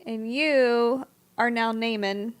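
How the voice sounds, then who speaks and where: A woman's voice: on the high side, fairly even intonation, takes it slowly. A woman co-hosting a podcast in casual chat, laughing often as she tells the story. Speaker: podcast co-host.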